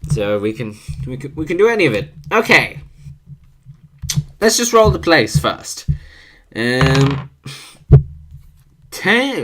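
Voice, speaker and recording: A man thinking aloud in a halting, musing way as he rolls dice and invents characters for a video. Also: mid-range voice, sing-song, fairly bright tone. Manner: musing, halting, self-correcting. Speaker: video creator.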